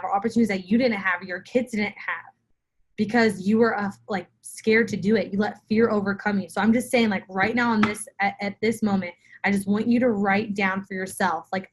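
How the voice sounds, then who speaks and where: A woman's voice: mid-range voice, breathy edge. A young adult woman giving an emphatic motivational talk to her weight-loss group, speaking straight to the camera and repeating her key phrases. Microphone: phone or camera for a live video.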